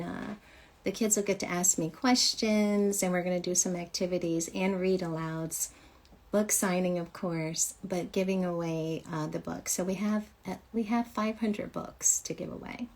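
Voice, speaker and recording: Her voice is mid-range and darkish as she leads a casual children's book chat on a livestream. She's the Michigan-born host of a children's author show, upbeat, talkative and quick to laugh.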